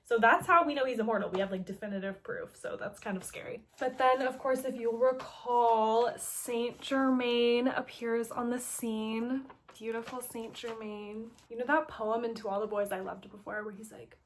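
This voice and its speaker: A woman's voice: a little high, fairly even intonation, normal speed, a little hiss or hum. A woman hosting a casual story recap, chatty and playful, with lots of filler words and side comments. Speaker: host.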